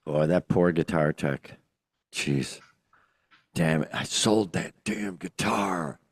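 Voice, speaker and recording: A man's voice: sits low, slow, husky, no room sound, clean studio sound. An older man co-hosting a casual podcast, rambling and joking with lots of fillers and exclamations. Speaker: podcast co-host. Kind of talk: casual chat.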